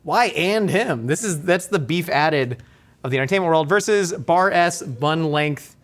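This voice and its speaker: A man hosting a casual, jokey cooking show, excitable and playful, with sudden jumps up in pitch. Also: measured pace.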